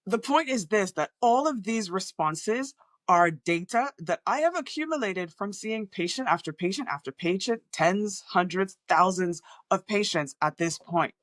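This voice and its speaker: Lively woman with an international accent. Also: medium pitch, unhurried, dry recording. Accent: international, often mistaken for American. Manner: animated, acts out patients' remarks in voices. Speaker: audiologist and communication coach. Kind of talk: direct-to-camera talk.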